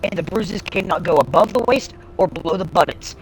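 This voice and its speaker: A woman's voice: fairly low pitch, a little fast, slight background noise, poor audio. A woman livestreamer telling a story in casual talk, blunt and heavily profane. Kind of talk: casual storytelling on a live stream.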